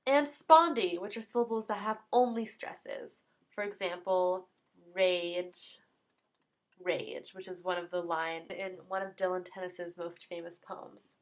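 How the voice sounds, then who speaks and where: A woman's voice: lowish voice, fairly even intonation, moderate pace, hardly any pauses. A young woman giving a plain educational explainer, working through a list of terms and giving an example for each.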